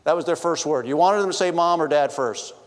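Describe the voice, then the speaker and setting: High-voiced pastor man in a reverberant church. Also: a little fast. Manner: storytelling with humor, chatty asides to the congregation. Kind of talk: sermon. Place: church sanctuary.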